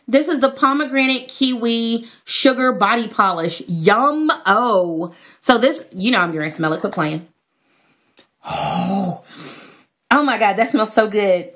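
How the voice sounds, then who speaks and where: A woman chatting excitedly to her viewers as she unboxes hair products in a casual vlog. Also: medium pitch. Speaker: natural hair vlogger.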